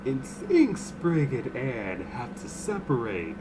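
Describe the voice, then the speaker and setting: A man's voice: mid-range voice, sing-song, slow, background noise. A young man hosting a livestream, chatting casually in a rambling, emotional, slangy way. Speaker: livestream reaction host.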